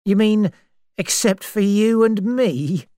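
A woman reading an audiobook, voicing a calm, sardonic man who speaks in a measured way. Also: medium pitch, no echo, studio quality, pitched above the performer's own voice, natural voice. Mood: cool. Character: calm, wry adult man.

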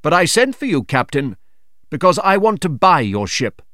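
A man voicing a calm, polite gentleman traveller who stays composed. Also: on the high side, moderate pace, dry recording, clean studio sound.

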